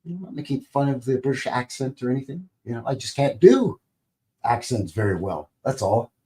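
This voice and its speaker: A man's voice: mid-range voice, very animated, normal speed, warm tone. A Canadian man hosting a casual livestream, rambling and enthusiastic, often chuckling. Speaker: livestream host. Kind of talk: casual live-show chat.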